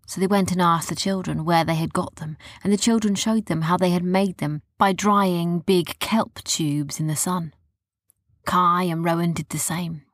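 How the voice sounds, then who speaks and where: A woman narrating a children's story softly, often dropping to a whisper. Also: lowish voice, dry recording, studio quality.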